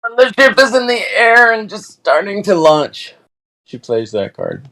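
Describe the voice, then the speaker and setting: A man chats casually as a player in a tabletop game, describing his character's moves. His pitch moves around a lot, giving his lines a lively shape. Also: a little slow, poor audio.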